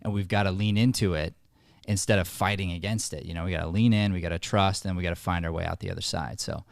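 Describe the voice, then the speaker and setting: A man's voice: low-pitched, fairly even intonation, quick pace, vocal fry, no room sound, studio quality. A man hosting a podcast, talking earnestly in a casual way and often restarting his sentences. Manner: earnest, storytelling, with repeated restarts. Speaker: podcast host and acting coach.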